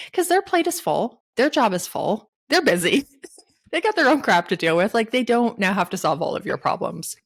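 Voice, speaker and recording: A woman talking on a podcast in an animated, emphatic way. She laughs often as she explains, and acts out what a boss might say. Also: lowish voice. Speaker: guest author. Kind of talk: casual podcast interview.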